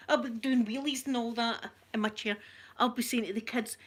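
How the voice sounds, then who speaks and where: A woman's voice: a little high, lively intonation, a little slow, a bit bright. Chatty Scottish woman vlogger. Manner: chatty, laughs often, self-mocking. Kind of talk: casual live-stream chat.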